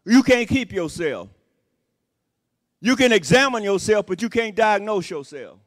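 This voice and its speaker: Serving as associate pastor, a man preaches a sermon in a church sanctuary, repeating his points emphatically and breaking in with "Amen" and "Praise the Lord." His high-pitched voice is expressive and unhurried, carried by the long reverb of the church hall.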